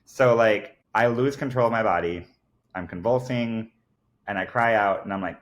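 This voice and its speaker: A man's voice: fairly low pitch, normal speed. A man, a podcast guest, telling a personal story in an earnest, emphatic way, full of fillers like "like". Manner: earnest and emphatic, many fillers like "like" and "I kid you not".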